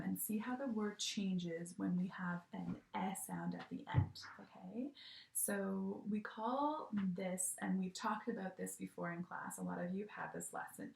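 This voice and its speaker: A woman's voice: mid-range voice, vocal fry. A woman teacher giving a recorded phonics lesson to young children, patient and sing-song, often checking in with "okay?". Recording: echoey room.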